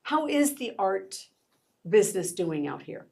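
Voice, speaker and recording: Woman host on a local TV talk show, mid pitch, gushing, exclamatory. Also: sing-song, a little slow, vocal fry, mellow, a little hiss or hum. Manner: effusive, laughing, exclamatory. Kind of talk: casual chat. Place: TV studio.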